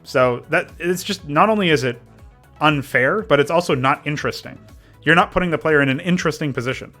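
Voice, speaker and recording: A man on a livestream works on a game mod, casually talking design and responding to chat, his speech rambling and riddled with restarts. The modding streamer's voice sits on the high side, pushed and bright, at a fairly quick pace. Faint music hums in the background.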